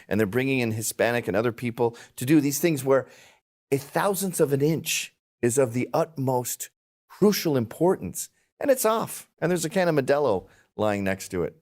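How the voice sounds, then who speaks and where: A man's voice: medium pitch, very animated, moderate pace, a little mellow. A middle-aged man, a guest in a casual chat, telling stories bluntly with swearing and laughing at his own jokes, and slipping into put-on voices of old men.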